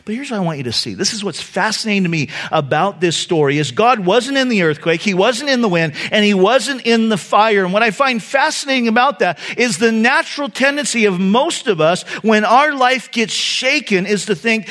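A man's voice: high voice, expressive, normal speed, few pauses, a bit bright. A male pastor giving a sermon in an earnest, conversational way, speaking directly to his listeners.

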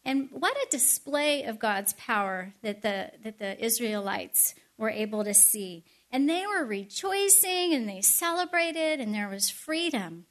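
Lively high-voiced woman preaching. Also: measured pace, hardly any pauses. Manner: animated, chatty asides and laughs. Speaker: speaker at a Christian event. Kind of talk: storytelling sermon.

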